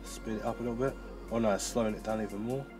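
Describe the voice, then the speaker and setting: A man reviewing tech in a casual demo, chatty and excitable, thinking aloud as he goes. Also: fairly low pitch, rapid-fire, over music.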